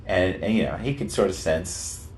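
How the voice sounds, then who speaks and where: A male musician telling stories as an interview guest, animated and rambling with many restarts. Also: sits low, normal speed, slight background noise. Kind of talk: casual interview storytelling.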